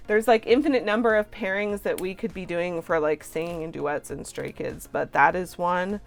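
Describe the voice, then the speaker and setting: A woman hosting a reaction video, gushing and excitable, swearing freely and trailing off into fillers. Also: fairly low pitch, moderate pace, few pauses, soft background music. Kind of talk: casual reaction commentary.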